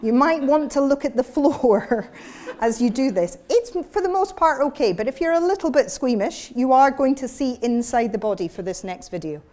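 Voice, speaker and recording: Before a live audience, a vocal coach teaches a workshop, demonstrating each sound as she explains it. Her high voice is mellow with lively intonation, and she talks at a normal speed.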